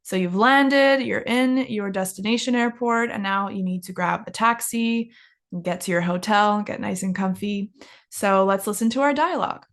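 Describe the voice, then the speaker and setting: A young woman teaching an English lesson, who says each travel phrase slowly and clearly for learners to repeat, in a casual, encouraging way. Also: mid-range voice, a bit bright. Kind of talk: English lesson with shadowing drills.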